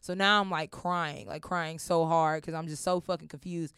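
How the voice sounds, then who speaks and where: A woman's voice: low-pitched, moderate pace, clear, resonant tone, dry recording, clean studio sound. A young woman, telling a personal story casually, acting out voices and swearing freely. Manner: animated, acts out voices, swears often.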